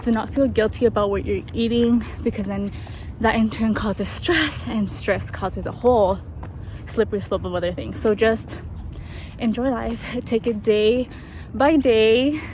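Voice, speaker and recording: A woman's voice: fairly high pitch, a little slow, a little mellow, a little hiss or hum, low-quality recording. A young woman vlogging on a walk in a park after a run, out of breath, chatting to her viewers in a rambling way. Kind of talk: casual vlog chat to camera.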